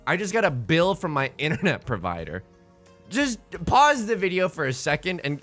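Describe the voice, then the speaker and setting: A man with a high, ringing voice that swoops widely as he comments on his game. He jokes and rants in a theatrical, animated way, and a faint bit of music sits underneath. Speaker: Let's Play host. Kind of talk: casual gameplay commentary.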